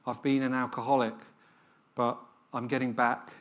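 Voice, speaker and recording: A man reading the quoted words of an older male shopkeeper who is confessing quietly. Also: mid-range voice, flat delivery, moderate pace, highs cut off, lightly acted. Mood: confessional. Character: older male outback shopkeeper, regretful and humble.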